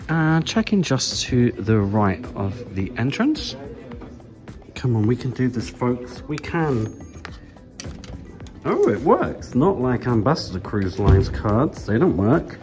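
A man's voice: medium pitch, very animated, takes it slowly, music in the background. A man hosting a casual travel vlog, chatty and enthusiastic, often dropping to a whisper. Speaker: travel vlogger. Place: walking outdoors and aboard a moored ship.

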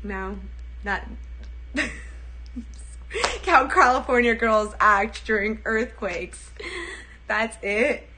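A woman's voice: fairly high pitch, sing-song, takes it slowly, bright, forceful tone, a little hiss or hum. A young woman livestreaming casually, chatty, giggly and self-deprecating.

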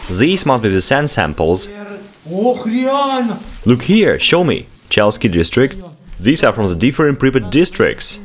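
Excitable man with a lively, swinging pitch. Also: unhurried, pauses often. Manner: exclamatory, urgent, bossy when hurrying others. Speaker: vlog host exploring. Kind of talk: excited running commentary while exploring. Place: abandoned underground laboratory, indoors.

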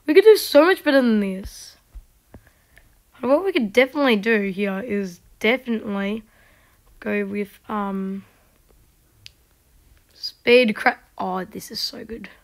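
A woman giving casual gameplay commentary, chatting to herself and mocking herself in quiet whispered asides. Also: medium pitch, expressive, slow, pauses often. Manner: chatty, talks to herself while playing. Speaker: gaming video creator.

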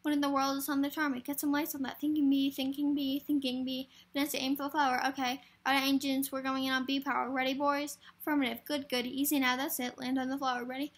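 A woman's voice: sits high, level tone, fast talker, few pauses, a bit bright. A woman reading a film script aloud for a variety show, hurrying through with stumbles and restarts.

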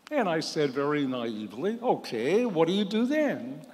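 A man's voice: fairly high pitch, sing-song, moderate pace, hardly any pauses. A man in his seventies, a priest, telling a humorous personal story in a sermon and acting out the voices of the people in it. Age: 70s. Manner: humorous, acts out quoted voices. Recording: long hall reverb.

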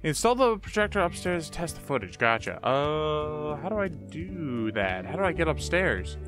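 A man's voice: on the high side, big pitch swings, normal speed, over music. A man commenting on a horror game as he plays, goofy, talking to himself and exclaiming often. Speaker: gamer. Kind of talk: let's play commentary.

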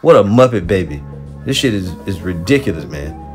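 A man's voice: low voice, very animated, a little fast, faint music behind. A man teaching scripture in a heated, profane sermon, rebuking listeners angrily and swearing constantly. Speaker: religious teacher.

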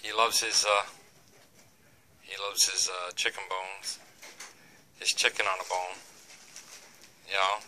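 Older Boston guy vlogging at home, very bright voice, rambling folksy patter, faint background hiss. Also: low-pitched, little pitch movement, slow, long pauses. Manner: rambling, leans on "you know", folksy jokes. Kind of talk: casual home vlog chat.

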